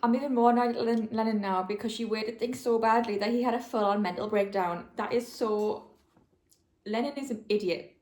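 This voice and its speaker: A young woman with a fairly high, slightly mellow voice talks quickly and fairly evenly to camera about the books she's reading, gushing emotionally and saying "like" a lot. She's a book vlogger making a casual reading vlog, recorded on a camera mic in a room with noticeable echo.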